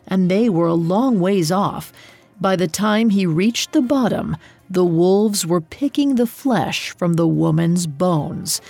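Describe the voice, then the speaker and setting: A woman narrating a scripted storybook legend in a measured, deliberate way. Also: mid-range voice, warm tone, breathy edge.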